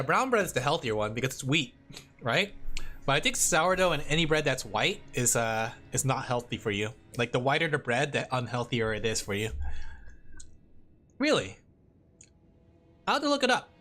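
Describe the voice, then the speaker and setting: A woman streamer chatting casually and rambling with lots of fillers, excitable and quick to laugh. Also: a bass voice. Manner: excitable, breaks into laughs and shouts. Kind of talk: casual live-stream chat.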